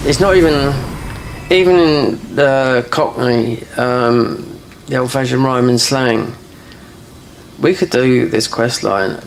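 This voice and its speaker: Gravelly South London man chatting while gaming. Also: medium pitch, a little hiss or hum. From London, England. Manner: rambling, gossipy, full of restarts and "you know". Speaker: gaming streamer. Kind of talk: casual chat while playing a game.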